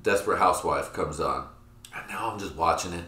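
A man's voice: low-pitched, brisk, bright, forceful tone. A young man hosting a solo podcast, rambling crudely and laughing at his own jokes. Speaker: podcast host. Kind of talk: casual solo podcast rant. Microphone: computer mic. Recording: echoey room.

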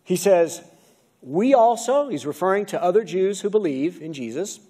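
A man's voice: high voice, fairly quick, warm tone. A man with an American accent preaching a sermon from the pulpit, asking the congregation questions as he goes. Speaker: pastor. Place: church sanctuary. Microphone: video-recorded pulpit mic.

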